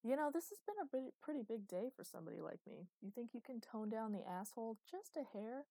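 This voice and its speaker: A jittery young man answers back in a sulky, sarcastic way, as a woman narrator puts him on. She lifts him well above her usual dark tone, and the recording is dry and close. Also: a little high, expressive, fairly quick, dry recording, pitched above the performer's own voice.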